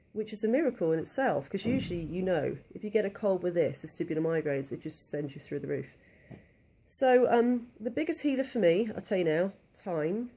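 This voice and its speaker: Young woman, candid chatty vlogger, mellow tone, slightly breathless and nasal from a cold. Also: mid-range voice, breathy edge. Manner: candid, chatty, many "um" and "like" fillers. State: a bit out of breath, blocked nose from a cold. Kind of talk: casual talk to camera.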